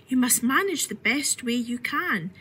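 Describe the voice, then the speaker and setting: A curious little storybook girl, fretful and breathless, put on by a woman reader. The voice sits high and bright and swings a lot in pitch, often dropping into a hushed whisper. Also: lively intonation, a little slow, breathy edge, exaggerated voice, low-quality recording. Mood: musing.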